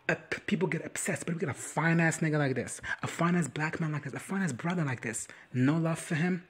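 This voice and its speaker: A young man giving a crude, sassy comedic recap of a TV episode, acting out the characters in quick impressions. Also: a little high, husky. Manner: crude, sassy running commentary with voiced impressions. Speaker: reaction video commentator.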